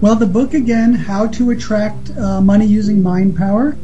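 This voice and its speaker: A man who is an author answering an interview question in a measured way, spelling details out. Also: sits high, steady tone, mellow. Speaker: author and guest. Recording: muffled lo-fi audio with faint music.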